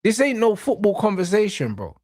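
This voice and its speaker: A man ranting about football in heavy slang on a casual podcast. His voice sits high and leaps all over the place. The sound is dry and close. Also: fairly quick, dry recording. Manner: animated, slangy and swearing, ranting. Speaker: podcast host.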